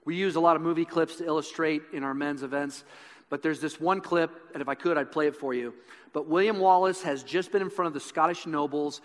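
Man preaching, earnest, kinda high voice, big echoey hall. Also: steady tone, brisk. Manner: earnest storytelling, building intensity. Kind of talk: sermon. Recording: echoey hall with long reverb.

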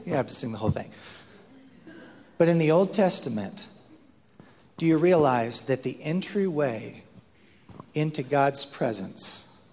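A man preaching a sermon, telling a story with lively acted-out quotes and frequent repeated words. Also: on the high side, a little slow, pauses often. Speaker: pastor. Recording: long hall reverb.

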